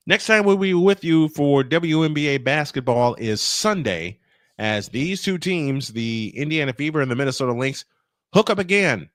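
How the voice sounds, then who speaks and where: A man's voice: fairly high pitch, animated, moderate pace, no echo, clean studio sound. A male play-by-play announcer calling a basketball game in a chatty style, full of rambling, self-deprecating asides.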